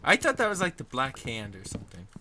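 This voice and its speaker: A male stream host who teases his guest and trips over hesitant fillers in a casual chat. His voice is bright and clear, with a faint hiss of noise behind it. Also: mid-range voice, wildly swooping pitch, fast. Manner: teasing, often hesitant with fillers.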